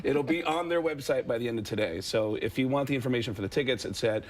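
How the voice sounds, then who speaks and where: A man's voice: medium pitch, quick pace. Chatty male comedian telling stories. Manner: chatty storyteller, slips into impressions mid-story. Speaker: comedian and impressionist guest. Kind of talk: casual interview chat.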